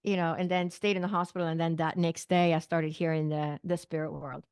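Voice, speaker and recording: A middle-aged woman from Sweden speaks as an interview guest, recounting events vividly and slipping into the voices of people in the story. Her voice sits slightly low. The sound is dry and close, with no room around it. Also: level tone, a little fast, darkish tone, clean tone, dry recording. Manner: vivid retelling with quoted dialogue and small laughs. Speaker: guest, naturopathic physician and psychic medium. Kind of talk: personal story told in an interview.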